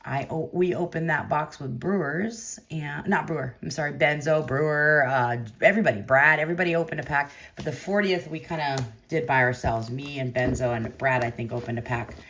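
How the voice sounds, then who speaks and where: A woman hosting a card break, chatting casually and rambling between pulls, with excited outbursts. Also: deep voice, fairly quick, hardly any pauses, a little hiss or hum. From California. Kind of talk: casual live-stream chat while opening cards.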